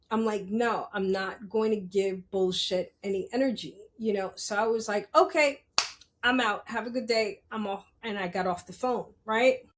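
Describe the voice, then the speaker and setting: A woman podcast host telling a personal story in a candid, animated way, swearing freely and acting out her own reactions. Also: medium pitch.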